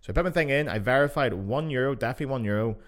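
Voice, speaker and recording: A man's voice: mid-range voice, very fast. A young man, hosting a podcast and telling casual stories, swearing freely as he goes. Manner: swears freely, animated anecdotes. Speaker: podcast host. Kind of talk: casual storytelling.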